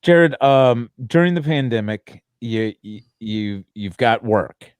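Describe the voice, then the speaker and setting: A man hosting a podcast, telling stories in an animated, stumbling way. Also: medium pitch, slow pace, smooth, dry recording. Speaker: podcast host. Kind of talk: casual podcast chat.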